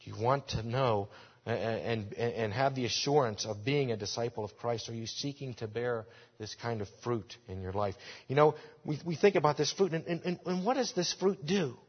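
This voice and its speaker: A man preaching a sermon as pastor, earnest, rising to loud emphasis and dropping back to quiet, with frequent restarts. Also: medium pitch, moderate pace, husky. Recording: dull sound in a reverberant hall.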